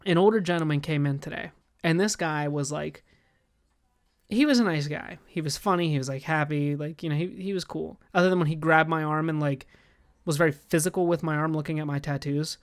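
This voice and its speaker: A young man co-hosting a podcast, telling a work story in casual chat, animated and swearing freely as he acts out both sides of a conversation. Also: fairly high pitch. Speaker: podcast co-host.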